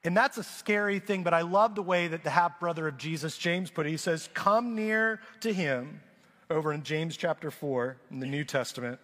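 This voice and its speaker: A middle-aged man preaching in a church auditorium, his voice high and bright as he acts out the people in his stories. The sound rings with a long hall reverb. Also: normal speed. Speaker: guest pastor. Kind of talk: storytelling sermon.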